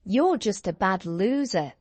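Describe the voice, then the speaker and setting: A woman's voice: mid-range voice, expressive, unhurried, darkish tone, slightly rough. A woman chatting playfully and enthusiastically as a quiz contestant on a podcast. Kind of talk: casual chat.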